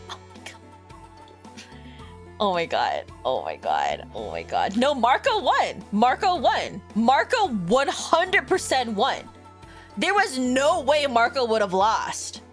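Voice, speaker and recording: A young woman streamer reacts to a game with big dramatic outbursts and frequent swearing. Her voice is high and swings wildly in pitch, and she talks unhurriedly between bursts. Faint game music sits behind her.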